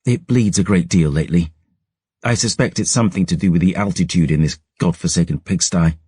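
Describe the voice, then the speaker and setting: A man voicing a haughty, sharp-tongued young noblewoman who speaks crisply and curses freely. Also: sits low, fairly quick, no echo, studio quality.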